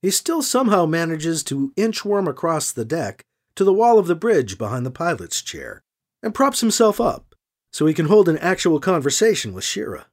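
A man narrates a story with a high, lively voice that swoops across a wide range. His reading is expressive and animated. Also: normal speed. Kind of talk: audiobook narration.

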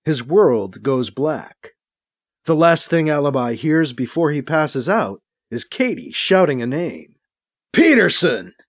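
A man narrating a science fiction audiobook in a dramatic, expressive reading. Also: a little high, slow pace, no room sound, clean studio sound. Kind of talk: audiobook narration, acting out scenes.

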